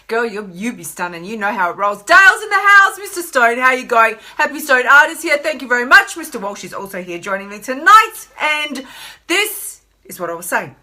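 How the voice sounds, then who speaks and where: A woman's voice: on the high side, animated, moderate pace, sharp tone. An Australian woman coaching on emotional eating during a Facebook live stream, bubbly and effusive, laughing often.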